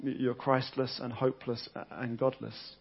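A man's voice: medium pitch, level tone, a little slow, creaky, breathy edge, muffled recording. A man preaching a conversational sermon with frequent restarts and repeated words.

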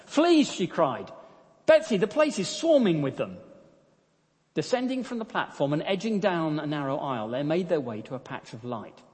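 A man's voice: fairly high pitch, expressive, a little fast, hardly any pauses, close to an everyday voice. A man reading the lines of a frightened, reluctant adult woman prisoner in a sermon story, with an echoing sound. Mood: dismayed. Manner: anxious, wailing, reluctant.

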